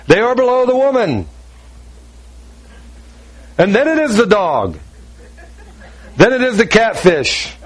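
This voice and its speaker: A man with a high voice preaches a sermon with emphatic, repetitive phrasing. He breaks off into quick asides to his listeners. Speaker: pastor.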